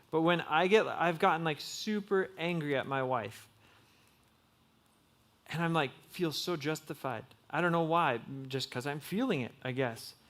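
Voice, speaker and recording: A man's voice: a little high, a bit bright. Casual young man preaching, lots of "like". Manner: conversational, many fillers like "like" and "um". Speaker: young adults pastor. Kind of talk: casual sermon.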